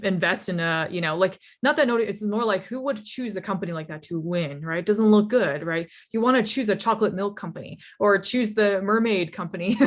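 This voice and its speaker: A young woman telling her founder story in a lively, casual talk, full of fillers and laughs. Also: medium pitch. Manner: animated, laughs often, many fillers like "you know" and "like". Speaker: startup founder speaker.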